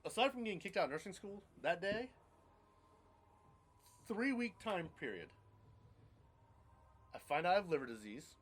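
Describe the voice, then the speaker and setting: A man's voice: sits high, big pitch swings, moderate pace, long pauses, a bit bright. A man in his thirties casually telling his life story on a podcast, rambling and blunt, with casual swearing.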